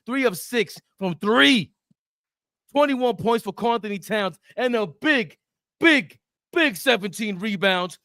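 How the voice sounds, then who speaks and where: A man co-hosting a sports podcast, giving a hyped recap of a game and shouting trash talk about the opposing players. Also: very high-pitched, lively intonation, measured pace, no echo, clean studio sound. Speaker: podcast co-host.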